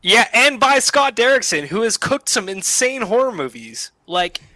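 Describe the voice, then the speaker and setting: A young man hosts a casual film chat, excitable and full of swearing and laughter. His voice is bright and forceful and sits a little high. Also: normal speed, no room sound. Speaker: podcast host.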